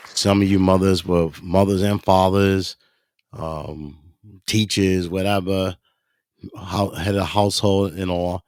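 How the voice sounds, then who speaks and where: A man with a low voice and flat delivery takes his time on his solo podcast, rambling casually, correcting himself, and calling his listeners "ladies and gentlemen." The recording is dry.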